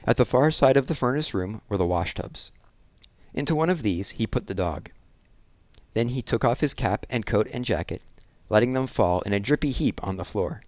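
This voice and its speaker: A man narrating a children's novel aloud in a measured, expressive reading. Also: mid-range voice, no echo. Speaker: audiobook reader. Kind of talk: storybook narration.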